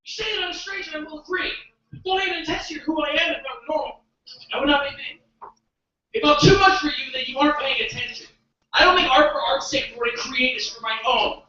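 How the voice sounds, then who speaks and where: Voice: high-pitched, fairly quick, pushed and bright, highs cut off. A spoken word poet giving an intense, declamatory live performance. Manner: intense, declamatory, call-and-response. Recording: distant mic in an echoey hall.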